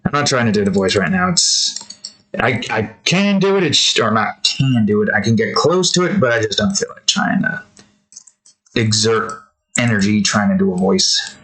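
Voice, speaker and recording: A man's voice: fairly low pitch, big pitch swings, moderate pace, fairly bright tone. A man casually chatting while he draws, rambling through a story with many fillers. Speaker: artist vlogger. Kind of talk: casual drawing commentary.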